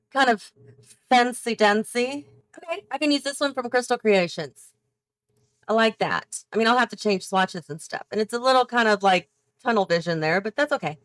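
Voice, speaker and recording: A woman's voice: fairly high pitch, a bit bright, no room sound. A woman hosting a gaming channel, chatting and thinking aloud as she builds, often correcting herself. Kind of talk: casual build commentary while playing.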